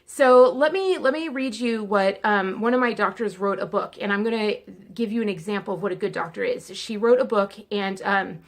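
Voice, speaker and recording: A woman vlogging in a candid, chatty way to her viewers, in pain and fidgety as she talks. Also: mid-range voice. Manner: candid, chatty, speeding up and slowing down. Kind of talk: casual chat to camera.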